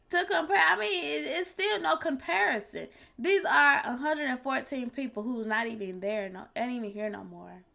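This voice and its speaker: A woman's voice: high voice, vocal fry, sharp tone. A woman streamer giving casual, blunt and exasperated commentary in colloquial speech. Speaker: reaction streamer.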